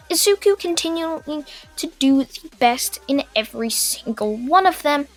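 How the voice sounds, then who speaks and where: A young woman tells a fan story in a casual, run-on style, pausing with fillers as she goes. Her voice is high and unhurried, with faint music playing underneath. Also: pushed and bright. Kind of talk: casual fan-fiction narration.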